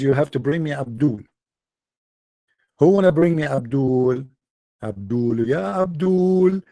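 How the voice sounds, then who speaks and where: Live-stream debate host, male, taunting and emphatic, slightly high voice, dark tone. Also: no room sound.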